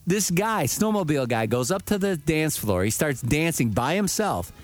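A man tells a rambling story, swearing freely and acting out everyone's lines in his own voice. His voice sits a bit high for a man and swings widely in pitch. Soft music plays in the background. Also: normal speed, dry recording. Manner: profane, animated, acts out quotes. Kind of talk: casual storytelling.

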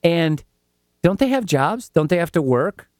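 A man's voice: fairly high pitch, very animated, measured pace, a little mellow, no room sound, clean studio sound. A man co-hosting a casual comedic chat, telling stories with swearing and mock voices. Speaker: podcast co-host.

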